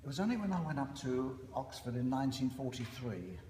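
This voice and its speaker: Older Cockney man, after-dinner speaker, animated pitch, echoey hall with background noise. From East End of London. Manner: anecdotal, self-deprecating, frequent "uh" pauses.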